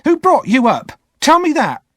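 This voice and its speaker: A man's voice: very high-pitched, wildly swooping pitch, moderate pace, no room sound, clean studio sound, voice pushed up, heavily acted. A man voicing a harsh, hard-tempered older woman who scolds sharply. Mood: scolding.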